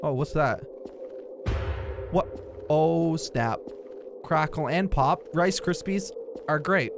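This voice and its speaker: A young man commenting on a horror game in a goofy, jokey way, with loud outbursts, over game music. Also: on the high side, takes it slowly, noisy background. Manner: goofy, jokey, breaks into shouts and silly singing. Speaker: gaming YouTuber.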